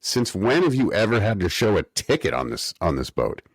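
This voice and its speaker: Very deep-voiced man, wry podcast co-host. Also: big pitch swings, moderate pace, dry recording. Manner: wry, mock-academic rants. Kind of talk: casual chat recapping an episode.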